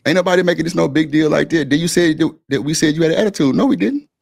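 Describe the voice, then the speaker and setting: Gravelly insistent man arguing on stream. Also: on the high side, very fast, darkish tone. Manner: insistent, talks over others, repeats phrases. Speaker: stream co-host. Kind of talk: heated casual argument.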